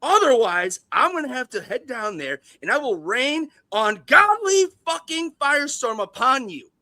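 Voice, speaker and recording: A man doing an impression of a foul-mouthed, raging male movie studio boss, shouting threats. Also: very high-pitched, sing-song, normal speed, no room sound, voice pushed up, exaggerated voice. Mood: furious ranting.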